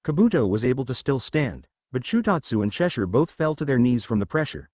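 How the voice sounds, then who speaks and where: A man narrating a fan fiction story aloud in a plain, even storytelling manner. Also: medium pitch, brisk, no room sound.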